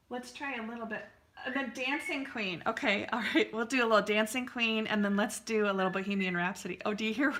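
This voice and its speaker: A woman's voice: on the high side, fairly bright tone, slight background noise. A woman artist hosting a live painting stream, chatting casually and answering viewers' comments with lots of fillers.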